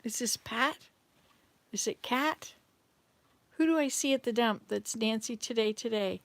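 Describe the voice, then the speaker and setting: An older woman chats her way through a live stream, drifting from one memory to the next and stopping to answer viewers. Her voice sits a little high, and it sounds close and dry, with no room around it. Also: unhurried, dry recording. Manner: chatty, rambling, answers viewers' comments. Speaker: livestream host reading chat. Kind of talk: casual live chat. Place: home, in Canada.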